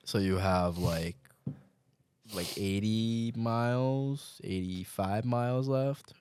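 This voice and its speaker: Deep-voiced man host, halting follow-up questions, dry close sound. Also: a little mellow, clear, resonant tone, no echo. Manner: hesitant, asks questions and gives short backchannel replies. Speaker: podcast host. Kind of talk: casual chat.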